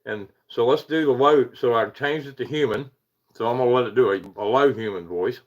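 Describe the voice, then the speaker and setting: A man's voice: mid-range voice, a little fast, highs cut off. A man hosting a casual livestream, rambling, greeting viewers by name and chuckling at himself. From Eastern United States. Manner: rambling, self-deprecating, chuckles often, greets chatters. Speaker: paranormal livestream host.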